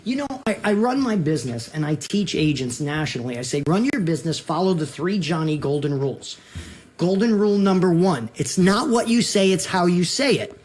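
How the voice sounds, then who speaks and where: A man's voice: sits high, expressive, fairly quick, darkish tone. A man, a real estate broker, giving emphatic and punchy sales coaching as a guest on a talk show. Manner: emphatic, punchy repeated rules.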